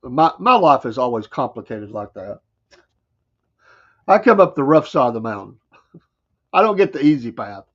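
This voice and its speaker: A man's voice: medium pitch, very animated, normal speed, pauses often, dull audio. A man with a Southern American accent hosting a morning talk show, riffing in a folksy, wry way with mocking asides. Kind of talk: casual talk radio monologue.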